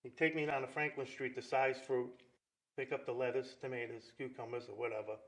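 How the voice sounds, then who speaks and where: A man, telling lively neighborhood stories in a casual chat. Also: medium pitch, fairly quick. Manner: lively storyteller, acts out quoted dialogue. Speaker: guest storyteller.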